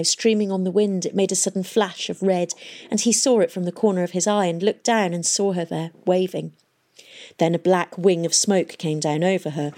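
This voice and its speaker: A woman reading an audiobook in a measured, even storytelling manner. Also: fairly low pitch. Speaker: audiobook narrator. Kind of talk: scripted audiobook narration.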